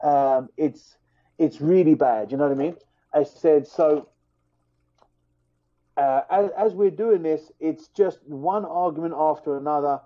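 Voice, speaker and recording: A man tells a story with fired-up energy, stumbling over restarts as he talks. His voice sits a little high for a man. The sound is dull and lo-fi, as if from a modest mic. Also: a little slow. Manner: animated, fired-up retelling with many restarts. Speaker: fighter telling a story. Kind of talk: casual storytelling on a podcast.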